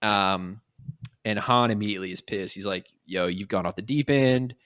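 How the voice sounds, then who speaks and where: A man's voice: fairly low pitch, dry recording, studio quality. A man hosting a podcast, casually retelling a comic story and acting out the characters' lines. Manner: animated, acts out quotes in quick little voices. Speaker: podcast host.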